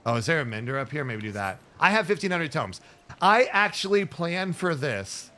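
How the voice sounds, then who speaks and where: A man streaming a game, giving excitable, jokey running commentary in casual chat. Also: fairly high pitch, moderate pace, soft background music.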